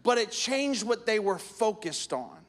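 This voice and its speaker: A man in his thirties or forties preaching to his congregation in a chatty, conversational way, slipping into playful imitations as he tells stories. His voice sits high for a man. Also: sing-song, a little slow. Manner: conversational preaching with acted-out anecdotes. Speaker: pastor. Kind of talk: sermon.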